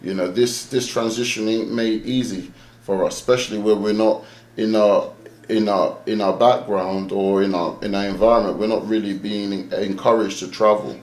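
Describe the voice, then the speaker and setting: A man's voice: on the low side, normal speed. London man telling stories in a roomy space. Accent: London English. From London, England. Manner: animated storyteller, acts out quoted voices. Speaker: interview guest. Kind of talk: casual storytelling interview.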